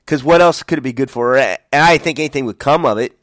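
A man in his forties, mid-pitched and recorded dry and close, tells his podcast listeners a story. He talks casually and puts on the voices of the people he quotes. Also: quick pace, dry recording. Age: 40s. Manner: animated storytelling, acts out quotes. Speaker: podcast host. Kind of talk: casual solo monologue.

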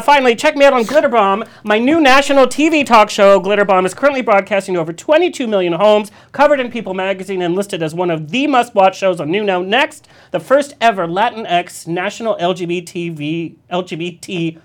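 A man's voice: high voice, a little fast, hardly any pauses. A man hosting a live radio show, reading plugs in a campy, joking way.

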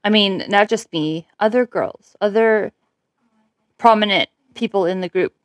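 A woman's voice: mid-range voice, a little slow, no room sound. A woman in casual, crude banter, brash and profane, laughing often.

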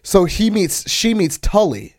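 A man co-hosting a podcast in casual chat, talking in an animated way and swearing heavily. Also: high voice, unhurried, crowd noise. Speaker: podcast co-host.

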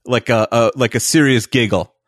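A man's voice: medium pitch, moderate pace, no echo, studio quality. A man co-hosting a podcast, chatting casually with wry, joking asides about a sitcom. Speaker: podcast co-host. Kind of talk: casual chat commentary.

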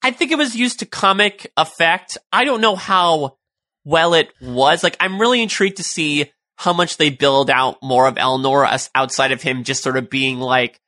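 Bright-voiced man chatting on a podcast. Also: on the high side, dry recording. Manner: chatty, jumps in with quick jokes. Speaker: podcast co-host. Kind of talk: casual fan discussion.

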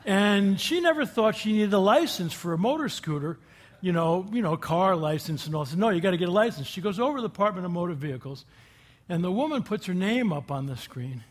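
High-pitched and expressive, a man moves briskly through an inspirational talk before a live audience. As a guest speaker, he leans on homespun anecdotes and quizzes the crowd along the way.

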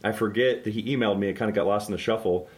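A man's voice: fairly low pitch, steady tone, rapid-fire. A man from Northeast Ohio, a guest on a podcast, telling stories in an easygoing, self-deprecating casual chat.

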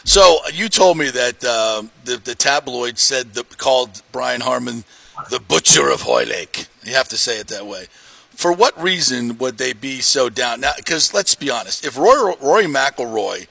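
A man hosting a local sports talk show and reading live ads, energetic and joking with loud emphatic delivery. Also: mid-range voice, normal speed, gravelly, no room sound. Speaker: sports radio host.

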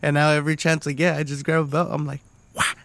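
A man's voice: a little high, flat delivery, very fast, creaky, a bit bright, no echo. A man co-hosting a podcast in casual, crude banter, a father who swears freely, laughs often and acts out voices in his stories. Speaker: podcast co-host.

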